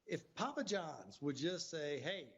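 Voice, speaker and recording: Halting man in a lo-fi clip. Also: fairly high pitch, animated. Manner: halting, with frequent uh fillers. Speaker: speaker in a played clip. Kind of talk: recorded spoken remarks. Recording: dull lo-fi clip audio.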